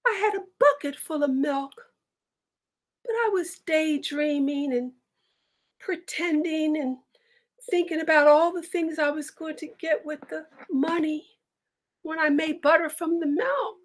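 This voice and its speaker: A woman's voice: sits high, pitched above the performer's own voice. A woman voicing a vain young milkmaid who daydreams and boasts as a storyteller acts it out. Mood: tearful.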